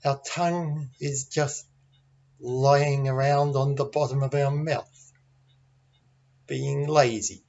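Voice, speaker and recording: An Australian man gives a pronunciation lesson at an unhurried, very slow pace, spelling out each point with care. His voice sits at a middle pitch, and the recording sounds a little dull and lo-fi. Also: fairly even intonation, darkish tone. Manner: clear, patient, demonstrates sounds aloud. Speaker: English pronunciation teacher. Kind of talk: slow, deliberate teaching lesson.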